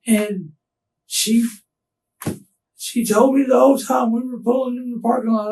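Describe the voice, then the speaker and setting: A distraught, tearful man being interrogated, talking haltingly and restarting his sentences. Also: extremely high pitch, steady tone, a little mellow, far from the mic, a little hiss or hum, low-quality recording. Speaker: murder suspect under interrogation. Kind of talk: police interrogation.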